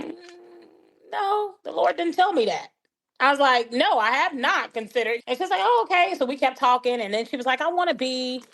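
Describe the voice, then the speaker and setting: A woman guest on a podcast, a life coach telling faith-filled stories and acting out the people in them. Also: on the high side. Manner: animated, acts out dialogue in her stories. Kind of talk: faith-based conversational storytelling.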